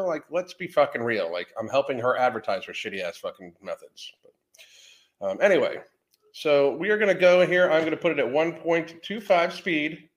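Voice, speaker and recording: A man's voice: mid-range voice, moderate pace. A man hosting a live podcast, rambling casually, swearing often and greeting chat viewers by name. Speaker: podcast host. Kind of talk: casual livestream commentary.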